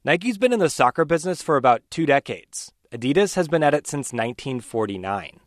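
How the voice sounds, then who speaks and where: A male reporter narrating a scripted radio news feature with even, descriptive reads. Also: fairly high pitch, brisk, no echo, clean studio sound.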